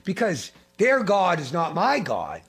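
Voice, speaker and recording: A middle-aged man preaching a fervent sermon, repeating phrases and swinging between loud and hushed. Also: sits high, huge pitch swings, unhurried, creaky, slightly rough, faint music behind. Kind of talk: impassioned sermon.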